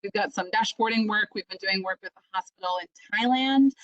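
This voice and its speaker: A woman organizing volunteers, speaking in a quick, upbeat and enthusiastic way on a video call. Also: medium pitch, a bit bright, no echo, muffled recording. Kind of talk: casual chat.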